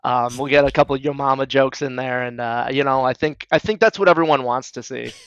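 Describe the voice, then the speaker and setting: A man's voice: medium pitch, fairly quick, no echo, dull audio. A man, a guest in a casual chat, joking in a wry, self-deprecating way.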